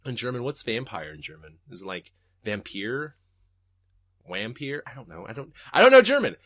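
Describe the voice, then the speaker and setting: A man's voice: medium pitch, wildly swooping pitch, fast talker, fairly bright tone, breathy edge, no echo, clean studio sound. A man hosting a podcast and reading live chat, talking casually and profanely and laughing often.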